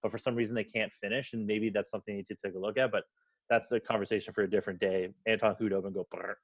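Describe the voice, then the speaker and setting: Blunt low-voiced man on dull remote audio. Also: little pitch movement, rapid-fire, no room sound. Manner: opinionated, blunt, swears casually. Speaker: podcast guest. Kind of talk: casual sports podcast chat.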